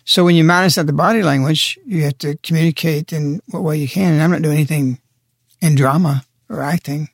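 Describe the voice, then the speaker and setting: A man's voice: a little high, steady tone, fairly quick, vocal fry, dry recording, clean studio sound. A man speaking on a radio talk show in an impassioned, preaching way, pressing his points hard. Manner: forceful, preaching, emphatic.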